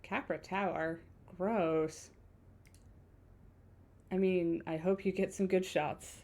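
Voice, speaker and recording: A woman's voice: on the low side, steady tone, takes it slowly, a little mellow. A woman reading the lines of a guarded young woman driver in a video game, with a dry, wry edge. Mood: bitter.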